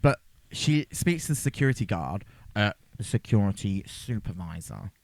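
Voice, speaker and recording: A man with a lowish voice speaks at a moderate pace, with no echo. As a podcast co-host he's chatting casually about a horror film, joking around, animated, and slipping into silly voices.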